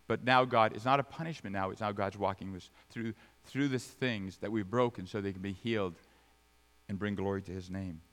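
A man preaching a sermon, swinging from sudden high, loud bursts to soft, low asides. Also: fairly even intonation, fairly quick. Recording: long reverb of a large hall.

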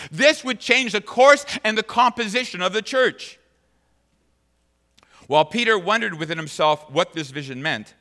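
Male pastor, fairly high bright voice, emphatic sermon delivery with repeated phrases, long hall reverb. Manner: emphatic preacher who repeats phrases for stress. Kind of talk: sermon with scripture reading.

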